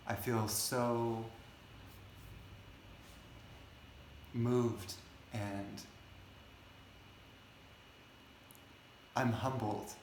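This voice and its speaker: Man voicing meek novice seeker, gentle and unhurried, roomy echo. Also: fairly low pitch, a little hiss or hum. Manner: slow, soft and humble. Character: humble male novice seeker, grateful.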